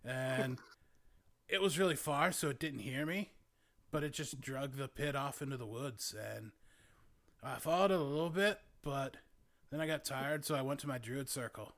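In an in-character tabletop role-play, a man voices a laid-back young male druid hermit who rambles and hesitates, packing his halting speech with "like" and "man". His own voice is mid-range, a bit bright, and close to an everyday speaking voice, and the mood is rambling.

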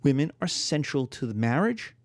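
Male history teacher, mid-pitched, dry close sound, animated classroom storyteller. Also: moderate pace, dry recording. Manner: animated storytelling, acts out quarrels in voices. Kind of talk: classroom lecture.

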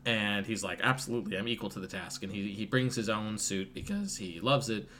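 A man's voice: on the low side, expressive, fairly quick, sharp tone, slight background noise. A man casually retelling a film to a friend, rambling with lots of fillers and profanity. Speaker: podcast co-host recapping a film. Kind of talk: casual retelling with acted quotes.

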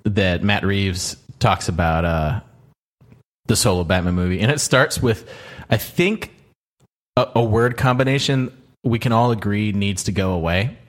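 A man's voice: on the low side, measured pace. A man hosting a casual podcast chat, joking and laughing often, recorded remotely. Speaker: podcast host. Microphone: remote recording over an online service.

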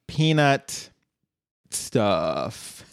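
A man's voice: fairly low pitch, big pitch swings, extremely slow, vocal fry, clear, resonant tone, no echo, clean studio sound. A man co-hosting a casual podcast chat, joking and playfully mocking. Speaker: podcast co-host.

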